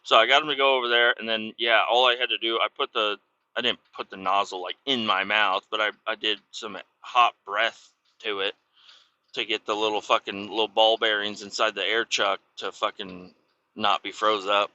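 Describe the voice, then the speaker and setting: A man's voice: on the low side, steady tone, normal speed, pushed and bright, no echo, highs cut off. A man driving a truck in the snow, telling a rambling, profane story in a casual, irritated way. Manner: rambling, swears constantly, irritated. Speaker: truck driver vlogging. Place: truck cab on a snowy road.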